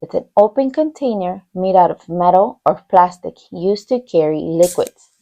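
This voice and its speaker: In a lo-fi recording, a woman teaches young children a slow bilingual lesson, saying words in English and Spanish and patiently repeating each one encouragingly. Her fairly low, dark-toned voice is animated and moves at a moderate pace.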